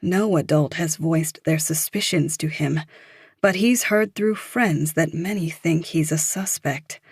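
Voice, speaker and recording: A woman narrating a thriller audiobook in a measured, even storytelling manner. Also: sits low, breathy edge, no echo, clean studio sound.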